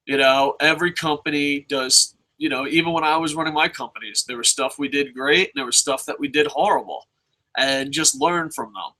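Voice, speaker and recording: A man's voice: a little high, moderate pace, sharp tone, rough recording. A young man giving blunt, profane advice in a rambling casual monologue, full of restarts and swearing. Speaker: vlogger answering viewer questions.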